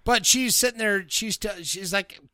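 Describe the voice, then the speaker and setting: A man co-hosting a podcast, chatting casually about a movie, halting and searching for words with fillers. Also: high-pitched, bright, forceful tone, dry recording. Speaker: podcast co-host. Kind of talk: casual movie recap chat.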